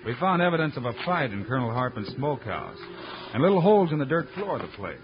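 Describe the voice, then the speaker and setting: A man playing a steady, determined frontier lawman in a 1950s radio western, calm and commanding. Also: medium pitch, fast talker. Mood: interrogating. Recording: muffled old radio broadcast with noise.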